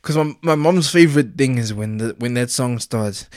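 A man chatting casually as a vlogger, excitable and slangy, laughing often. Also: mid-range voice, normal speed, hardly any pauses, dry recording, studio quality. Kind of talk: casual chat.

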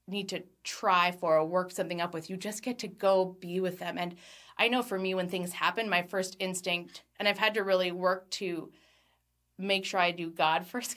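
A woman in her thirties, a Christian speaker giving an earnest devotional talk with scripture reading, laughing lightly between thoughts and slowing down on key phrases. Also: on the low side, a bit bright.

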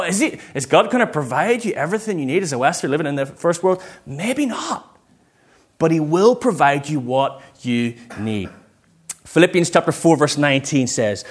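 An animated man in his thirties delivers a sermon as a church pastor and calls out to his congregation for amens. His voice is husky and sits fairly high. His pitch swings widely as he preaches.

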